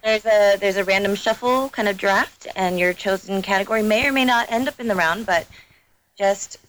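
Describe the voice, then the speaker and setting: A woman guest chatting casually on a podcast, upbeat and quick to laugh. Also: mid-range voice, a bit bright, a little hiss or hum, poor audio. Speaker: guest game producer.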